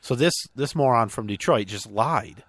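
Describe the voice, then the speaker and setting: A man's voice: medium pitch, expressive, moderate pace, a bit bright, dry recording. A man hosting a casual talk show, bluntly explaining and correcting the news. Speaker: host. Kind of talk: casual chat.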